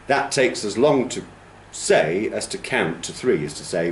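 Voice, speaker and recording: A man's voice: on the low side, expressive, normal speed, hardly any pauses, echoey room, a little hiss or hum. A male teacher trainer giving a classroom lecture, explaining patiently and checking in with "okay?". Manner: demonstrates rhythms by humming and counting.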